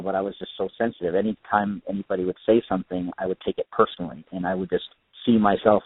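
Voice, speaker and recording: Over a tinny phone line with no echo, a lowish-voiced man from California, United States, earnestly recounts his personal history. He is a radio guest being interviewed about his life.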